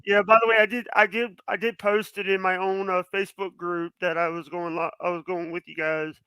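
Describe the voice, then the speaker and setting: A man's voice: high voice, little pitch movement, fairly quick, sharp tone, smooth, no room sound, low-quality recording. A man talking as a podcast guest, nervous and stuttering, with many restarts. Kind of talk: casual chat.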